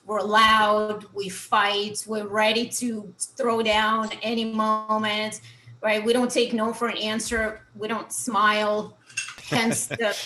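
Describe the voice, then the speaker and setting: A woman in her forties from Russia, an author telling comedic stories on a video call, animated and laughing often. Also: medium pitch, takes it slowly. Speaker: author and comedy show guest. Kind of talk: comedic storytelling. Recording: echoey room with faint noise.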